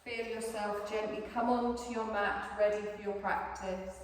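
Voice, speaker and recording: A woman teaching a yoga class, guiding a calm relaxation in a soothing, gently coaxing voice. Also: mid-range voice, normal speed. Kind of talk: guided relaxation instruction. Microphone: distant room mic. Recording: echoey hall from far off.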